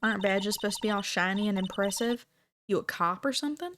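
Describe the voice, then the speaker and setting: A woman's voice: medium pitch, quick pace, noisy background, close to an everyday voice. Woman putting on a feisty Southern photographer. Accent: exaggerated Southern US drawl. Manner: sassy, folksy, confrontational. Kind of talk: game dialogue read aloud on stream.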